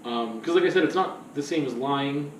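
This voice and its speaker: A man's voice: a little high, normal speed, echoey room, distant mic, slight background noise, low-quality recording. A man vlogging in a rambling, casual monologue full of fillers and loose asides.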